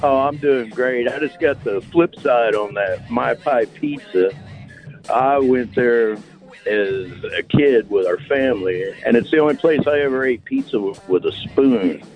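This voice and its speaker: A man's voice: medium pitch, unhurried, darkish tone, soft background music, rough recording. A man calling in to a radio show, bluntly giving his opinion of a restaurant. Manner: blunt, emphatic. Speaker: caller.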